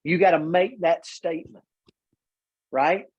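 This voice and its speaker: A man's voice: fairly high pitch, fairly even intonation, a little slow, breathy edge. Rallying man on a dull call. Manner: rallying, asks questions of listeners. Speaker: host of a business call. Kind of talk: motivational call hosting. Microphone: video call.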